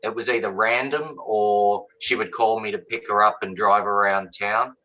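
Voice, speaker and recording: A man's voice: lowish voice, normal speed. A middle-aged man, an interview guest, telling a personal story casually and acting out the conversations he recalls. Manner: animated, acts out quoted conversations. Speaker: guest author. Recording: dull lo-fi audio.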